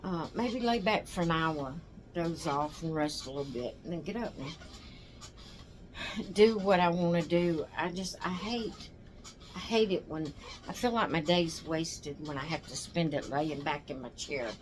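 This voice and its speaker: A woman's voice: low-pitched, a little slow, a little hiss or hum. An older woman who hosts a doll channel, chatting casually to camera in a rambling, tired way, yawning as she talks. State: exhausted.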